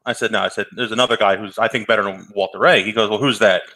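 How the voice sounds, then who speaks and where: Fast-talking bright-voiced male co-host. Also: lowish voice, rough recording. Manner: fast, animated storyteller. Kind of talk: casual chat, storytelling.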